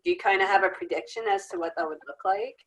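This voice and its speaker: A woman's voice: medium pitch, steady tone, fast talker, poor audio. A woman co-hosting a podcast, chatting and asking the guest questions. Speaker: podcast co-host. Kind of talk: casual chat.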